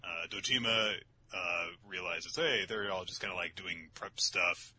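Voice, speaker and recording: A man casually recapping a manga chapter on a podcast, animated and sweary, often jumping into high mocking voices for the characters. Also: a little slow, a little hiss or hum. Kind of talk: casual chat.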